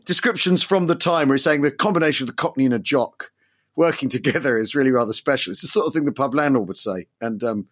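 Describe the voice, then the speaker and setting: A man's voice: medium pitch, fast talker, a bit bright. A man co-hosting a podcast in casual conversation, chatty and hesitant with many ums and restarts. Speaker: podcast co-host.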